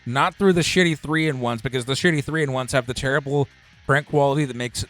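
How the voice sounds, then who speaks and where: A man's voice: medium pitch, a little fast, a bit bright, soft background music. Opinionated man in casual gaming chat. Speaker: let's play co-host.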